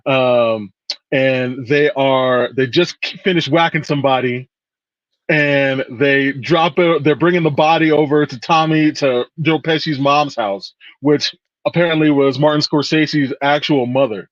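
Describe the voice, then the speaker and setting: A man's voice: mid-range voice, a little slow, dry recording, muffled recording. A man co-hosting a podcast in casual chat, rambling with many hesitations and casual swearing. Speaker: podcast co-host.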